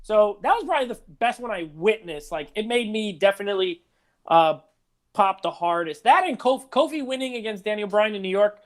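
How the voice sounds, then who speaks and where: A man's voice: sits high, animated, fairly quick. A man in his thirties co-hosting a podcast, rambling in casual chat with lots of "like". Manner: rambling, heavy use of "like". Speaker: podcast co-host.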